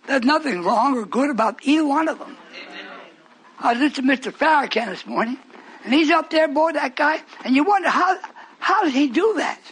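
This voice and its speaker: A man preaches a fiery sermon in a very high, bright voice, dropping to low murmurs and then climbing into shouted declarations. Faint room ambience sits behind him. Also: lively intonation, a little fast, slight background noise, low-quality recording.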